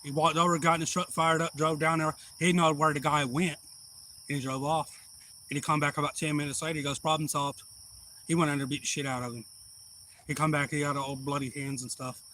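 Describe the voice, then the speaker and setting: A man telling a long story casually on a live stream, acting out quoted voices loudly. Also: on the high side, little pitch movement, fast, slight background noise, poor audio.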